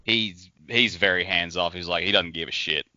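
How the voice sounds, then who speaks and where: Co-host, male, low and sharp-edged voice, rambling, swears casually. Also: moderate pace, no room sound, muffled recording. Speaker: podcast co-host. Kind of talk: casual book discussion.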